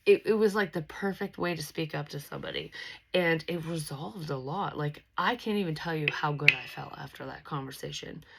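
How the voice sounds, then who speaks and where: A woman's voice: deep voice, moderate pace, gravelly, a little hiss or hum, low-quality recording. A young woman vlogger telling a personal story in a blunt, casual way, swearing freely and restarting her sentences. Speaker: psychic medium vlogger.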